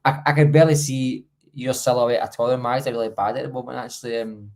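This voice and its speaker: A man's voice: mid-range voice, steady tone, fast talker, darkish tone. A Scottish man joining a podcast over a video call as its regular guest, jokey and self-mocking, rambling as he talks. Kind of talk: casual podcast chat.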